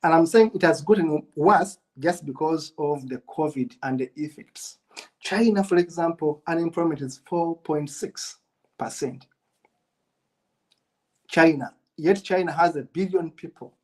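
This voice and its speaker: A man's voice: fairly high pitch, measured pace, a little mellow, poor audio. A middle-aged man delivers a motivational business masterclass. He drives his message home by repeating key phrases, with an earnest, preachy tone. His delivery is that of a coach speaking to an audience. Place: United Kingdom.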